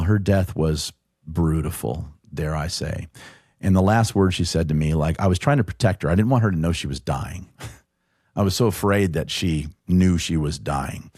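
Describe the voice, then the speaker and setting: Sincere and faltering, a middle-aged man with a deep, darkish voice recounts a personal story full of feeling while guesting on a podcast he also produces. He keeps backing up and beginning again. The recording is close, dry and without echo.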